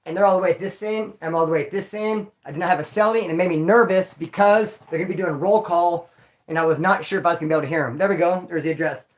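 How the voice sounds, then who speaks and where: A man hosting a livestream, telling stories in a casual, slangy, animated way and acting out sounds and voices. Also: high-pitched, fast talker. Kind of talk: casual storytelling to a live audience.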